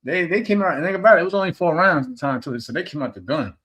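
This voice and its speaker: Quick-talking, laid-back podcast co-host man. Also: a little high, expressive, fairly bright tone, slightly rough. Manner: easygoing, with frequent filler phrases. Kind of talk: casual podcast chat.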